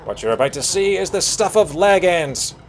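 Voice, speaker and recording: A Scottish man playing a squeaky, cocky tiny sidekick. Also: expressive, normal speed, soft background music. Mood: cheeky. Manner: cheeky, brash, squeaky.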